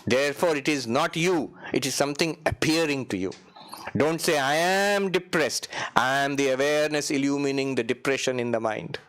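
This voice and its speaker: A man, a monk giving a spiritual retreat talk in a meditation hall, animated, swinging his pitch high and low, chuckling and chanting Sanskrit verses. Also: brisk, clear, resonant tone.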